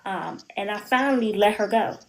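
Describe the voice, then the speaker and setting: A woman's voice: mid-range voice, moderate pace, gravelly, a little hiss or hum, low-quality recording. A woman talking openly as a podcast guest. She is emotional and candid, and she keeps slipping into quoting what she said to others. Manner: candid, emotional storytelling, quotes herself often. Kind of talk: podcast interview.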